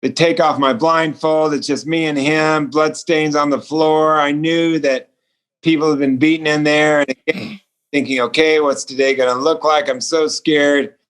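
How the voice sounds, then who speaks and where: Earnest higher-voiced man telling a story. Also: level tone, unhurried, a bit bright, smooth. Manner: earnest, acts out quoted dialogue. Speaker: guest, author and speaker. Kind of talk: personal storytelling in a remote interview. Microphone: remote call connection.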